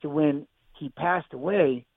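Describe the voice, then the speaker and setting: A man's voice: a little high, unhurried, dry recording. A man telling an emotional personal story as a radio guest, rambling and repeating himself over a phone call. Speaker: guest fighter. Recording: tinny phone line, dry.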